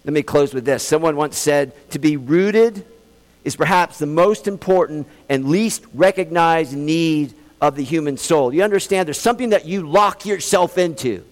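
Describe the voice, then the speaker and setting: An earnest man delivers a sermon with a somewhat high voice. He pleads with his listeners and slows down to drive his points home. The sound carries a long reverb, as in a large church hall. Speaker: preacher.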